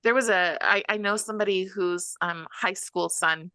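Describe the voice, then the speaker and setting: A woman's voice: medium pitch, moderate pace, bright, forceful tone, dry recording. A woman speaking as a podcast guest in casual discussion, earnest and often restarting her sentences.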